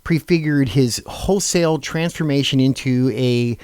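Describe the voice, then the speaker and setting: A man's voice: medium pitch, moderate pace, a little mellow, clean tone, dry recording. A man co-hosting a casual radio chat, reading down a list with many fillers and restarts and laughing often. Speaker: radio show co-host.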